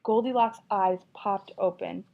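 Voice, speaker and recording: A woman's voice: medium pitch, measured pace, vocal fry. A woman teacher reading a children's story aloud with expression, then asking a class encouraging questions about it. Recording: dull lo-fi recording.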